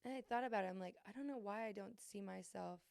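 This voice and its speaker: A woman's voice: mid-range voice, fast, gravelly, darkish tone, no echo, studio quality. A young adult woman hosting a podcast, talking candidly and earnestly about her struggles, with many fillers and restarts. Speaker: podcast host. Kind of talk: candid confessional chat.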